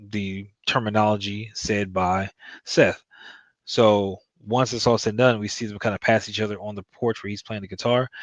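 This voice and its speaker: A man's voice: fairly low pitch, dry recording, lo-fi sound. Man rambling through a casual TV recap. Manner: rambling, loose retelling with fillers. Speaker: TV show reviewer.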